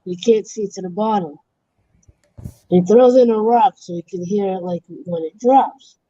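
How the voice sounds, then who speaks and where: A woman's voice: mid-range voice, unhurried, warm tone, no echo, dull audio. A woman hosting a livestream, casually telling long jokes. She trails off, restarts and corrects herself mid-story, and laughs at her own punchlines. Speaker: livestream host.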